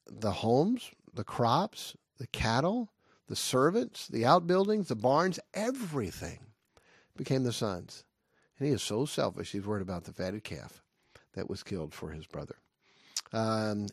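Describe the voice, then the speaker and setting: A man's voice: medium pitch, creaky, dry recording, clean studio sound. A man preaching a sermon, retelling a Bible story with lots of fillers and acting out the characters.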